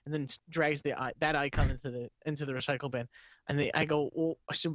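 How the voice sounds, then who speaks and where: A male podcast host in casual chat, his voice sitting a touch high. He tells stories in an animated way, laughing often. The sound is dry and close-miked. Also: fast, dry recording.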